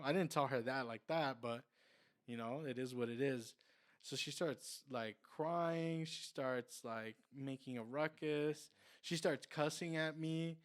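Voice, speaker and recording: A man's voice: medium pitch, measured pace. Young guy rambling thru a work story on a podcast, lots of um and like. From Mexican heritage. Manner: rambling, lots of fillers and restarts. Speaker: car salesman, podcast co-host. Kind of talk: casual storytelling.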